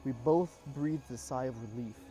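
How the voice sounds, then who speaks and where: A man narrating a first-person horror story in a measured, suspenseful way, dropping casual asides. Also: medium pitch, dark tone, soft background music.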